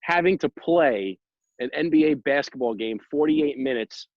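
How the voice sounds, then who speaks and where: A man co-hosting a podcast chat, telling stories in an animated way and filling gaps with "like" and "you know". His voice sits at a middle pitch. The recording is dry and slightly muffled. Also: normal speed, no room sound. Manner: animated storyteller, full of fillers like "you know". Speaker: podcast co-host.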